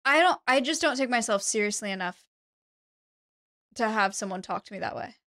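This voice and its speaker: Young woman co-host, higher voice, dry close sound, blunt teasing delivery. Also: lively intonation, brisk, fairly bright tone, dry recording. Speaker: podcast co-host. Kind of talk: casual chat.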